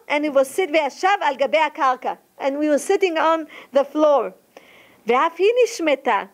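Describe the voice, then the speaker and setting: A woman teaching a Torah lesson, quickly reading the text aloud and then retelling it slowly in her own words, often stopping to correct herself. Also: sits high. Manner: alternates rapid Hebrew reading with slower English retelling, frequent restarts.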